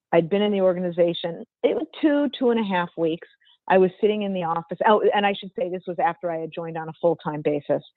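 An older woman with a strong, fairly low voice tells her story with measured, emphatic precision. The sound is tinny and narrow like a phone line, and very dry. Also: dry recording. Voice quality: strong, not dainty voice. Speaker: guest, former football executive. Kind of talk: storytelling interview answer.

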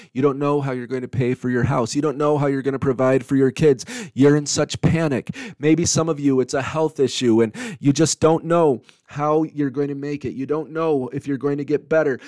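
A man's voice: mid-range voice, no echo. Earnest man preaching, dry close sound. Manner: earnest, pleading when voicing prayers, gentle when quoting Jesus. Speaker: pastor. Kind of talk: devotional sermon.

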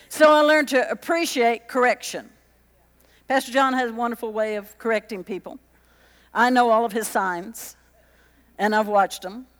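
A woman preaching a lively, conversational sermon, chatty and joking with the congregation as she acts out little quotes. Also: a little high, in a large hall.

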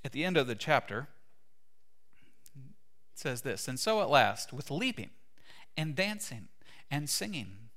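A middle-aged man preaching a sermon, retelling a story in an animated way and briefly voicing its characters. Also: mid-range voice, unhurried, pauses often. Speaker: pastor.

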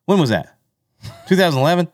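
A man's voice: quick pace, dry recording, studio quality. A man co-hosting a podcast, chatting casually and rambling about country music. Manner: rambling, animated, drops into low impressions of others. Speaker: podcast co-host.

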